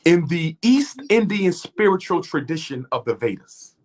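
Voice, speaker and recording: A man's voice: fairly high pitch, big pitch swings, normal speed. A middle-aged man speaking as an interview guest, impassioned and preacher-like, building his points through rhythmic repetition.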